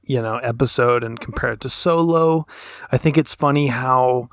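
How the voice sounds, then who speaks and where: A man's voice: mid-range voice, moderate pace, a bit bright, no echo, studio quality. A man co-hosting a podcast, talking in a thoughtful, analytical way with long, winding sentences. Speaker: podcast co-host. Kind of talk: casual podcast discussion.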